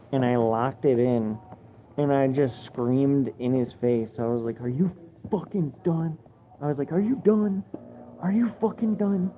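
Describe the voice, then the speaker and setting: A man's voice: medium pitch, mellow, a little hiss or hum. A man livestreaming, telling a story in casual chat and reading viewer comments, blunt and swearing a lot. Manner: blunt, heavy swearing, rambling.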